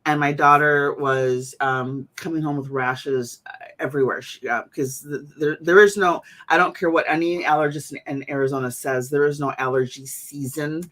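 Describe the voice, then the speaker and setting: A woman's voice: deep voice, fairly even intonation, normal speed, a bit bright. A woman hosting a casual conversation, chatty, with many fillers and restarts. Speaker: host.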